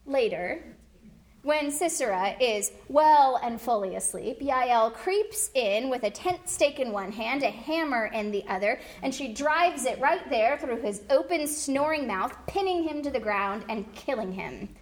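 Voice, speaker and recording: A woman teaching a Bible lesson, moving between lecture and lively storytelling. Her voice sits a bit high and she narrates with animated, expressive delivery. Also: unhurried.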